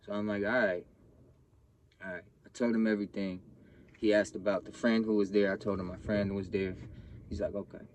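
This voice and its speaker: Young man, lowish voice, blunt street slang, personal story, faint background noise. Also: flat delivery, brisk, pauses often. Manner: blunt, profane street slang, acts out quotes with raised voice.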